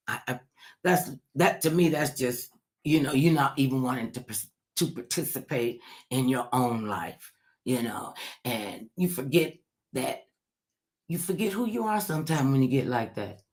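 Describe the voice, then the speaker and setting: A woman's voice: a bass voice, animated, moderate pace. A woman host giving an impassioned livestream monologue, preachy, firing rhetorical questions at her listeners and repeating phrases for emphasis.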